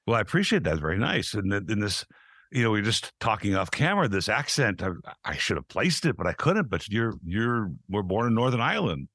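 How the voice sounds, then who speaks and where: Brief: american male podcast host, chatty, laughs a lot, lowish voice, dry close sound. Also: big pitch swings, a little fast, fairly bright tone, no room sound. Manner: chatty, laughs often, restarts sentences. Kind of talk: casual interview chat.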